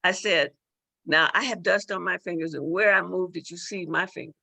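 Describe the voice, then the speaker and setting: A middle-aged woman tells a personal story as a guest on a talk show, and her voice has a gravelly, bright edge. She repeats words and restarts as she talks. The sound is dry and close. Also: on the low side, normal speed, dry recording. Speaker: judge and author, guest.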